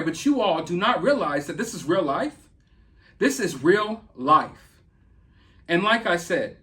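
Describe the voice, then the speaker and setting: A Southern US man with a high, slightly bright voice rants at his viewers. He's a YouTube commentator, and his commentary is heated and confrontational.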